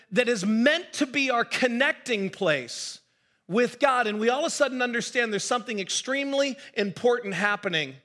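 A middle-aged American man preaches from the front of a church. His voice sits high and sounds bright and forceful. He talks to the room like a conversation, with small jokes at his own expense, and he repeats words as he builds toward a point. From United States. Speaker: pastor. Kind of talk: sermon. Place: church hall.

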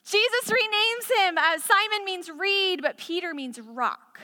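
A woman's voice: very high-pitched, animated, measured pace, pushed and bright, in a large hall. A woman preaching a sermon in a chatty, conversational storytelling way, full of casual asides.

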